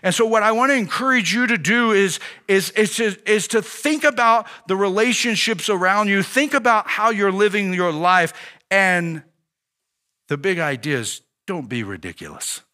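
A young man delivers an earnest sermon in a high, bright voice. He stumbles and restarts often as he tells his own story, and he acts out his talks with God in quoted dialogue. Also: lively intonation. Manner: earnest, halting storytelling with many restarts and fillers. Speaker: pastor.

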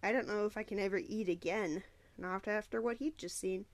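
A woman's voice: mid-range voice, steady tone, a little fast, close to an everyday voice. A woman voicing a shaken, humiliated teenage boy who speaks weakly, in a storybook reading. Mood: weary. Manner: weak, faltering.

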